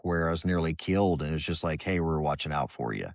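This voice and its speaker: A former soldier in middle age, speaking in a very deep, low register. He talks in a loose, rambling way, acting out the voices he heard. The sound is dry and close, with no room behind him. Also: fast talker, dry recording. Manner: relaxed, rambling, drops into quoted inner voices. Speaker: guest, former Army Ranger. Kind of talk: candid conversational storytelling.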